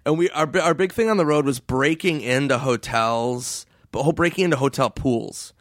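Dry, animated comedian telling stories. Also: male voice, moderate pace, no room sound. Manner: animated storyteller, acts out voices in high pitch. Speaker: comedian guest. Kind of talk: casual storytelling interview.

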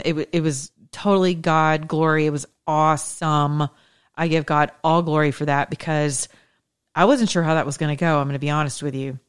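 Blunt, snarky political commentator, a woman, smooth resonant voice, emphatic casual monologue. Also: deep voice. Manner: emphatic, repetitive, preachy.

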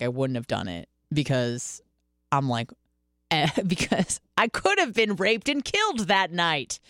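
A woman in her twenties hosting a radio podcast, telling candid stories in a casual, profane, animated way. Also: a bass voice, clear, resonant tone, no echo, studio quality. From Michigan, US. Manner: candid, profane, animated storytelling with quoted self-talk. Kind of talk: casual monologue.

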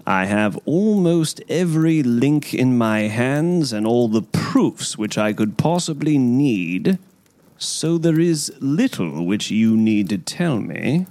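A man reading as a stern, measured detective. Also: mid-range voice, animated, darkish tone, no room sound. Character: stern, cool-headed male detective. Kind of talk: audiobook character voice.

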